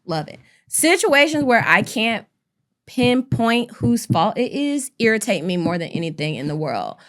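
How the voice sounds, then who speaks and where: A woman's voice: a little high, very animated, measured pace, fairly bright tone. A young woman co-hosting a podcast, making slangy, laid-back remarks and teasing in casual chat. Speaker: podcast co-host.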